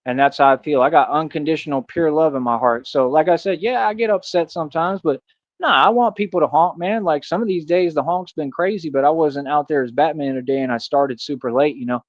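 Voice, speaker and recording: A man's voice: fairly high pitch, brisk, no echo. Man, casual vlog monologue, earnest and emphatic, dull lo-fi sound, dry. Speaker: street performer in a Batman costume.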